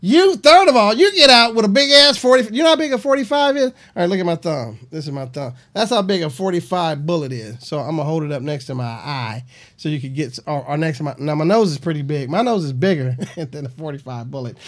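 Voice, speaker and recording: A man's voice: fairly high pitch, a little fast. A comedian hosting his own show, riffing on a news story in a loose, rambling way. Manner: animated, rambling with fillers. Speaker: comedian host.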